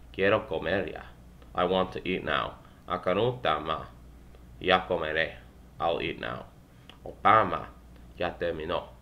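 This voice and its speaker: A man's voice: low-pitched, gravelly, highs cut off. A young man whose native tongue is English, reading textbook exercises aloud and answering them, with wry asides. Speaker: language learner working through a textbook. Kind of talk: self-recorded study session, reading exercises aloud.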